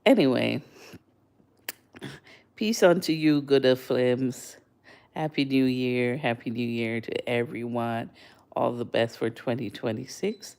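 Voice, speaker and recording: An older woman from Jamaica telling a story to her livestream viewers in a casual, animated way, her voice jumping high when she is surprised. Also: takes it slowly, long pauses. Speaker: livestream host.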